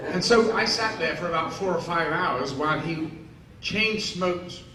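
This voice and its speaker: A man's voice: a little high, expressive, moderate pace, sharp tone. A man in his sixties telling rambling, amused anecdotes to a live convention audience, acting out the quotes. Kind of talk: live Q&A storytelling. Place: large convention hall. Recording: echoey hall, distant mic, faint noise.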